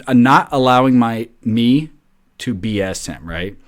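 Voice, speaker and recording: A man's voice: medium pitch, lively intonation, normal speed. A middle-aged man hosting a podcast, telling a story in a loose, chatty way, peppering his talk with "like" and "right?". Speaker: podcast host. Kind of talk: casual storytelling monologue.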